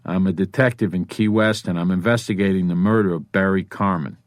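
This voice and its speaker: A man voicing a calm New York detective. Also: sits low, brisk, dry recording, clean studio sound, close to an everyday voice.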